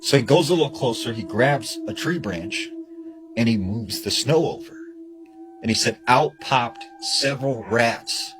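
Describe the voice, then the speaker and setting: Over background music on a poor-quality recording, a mid-range male voice recounts a scary story someone told him. His pace is measured, but the delivery is relaxed and rambling, thick with "like" and "you know."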